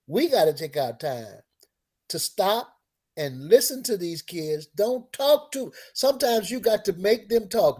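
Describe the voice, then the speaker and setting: A male co-host on call-in radio with a dark, mellow voice. He preaches in long lists that swell in force as he goes. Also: high-pitched.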